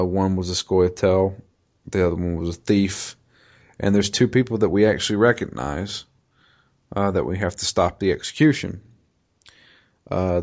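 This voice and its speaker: A man in casual chat, recapping a game in a halting way with many fillers and restarts. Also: low-pitched, darkish tone. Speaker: podcast co-host recapping a video game.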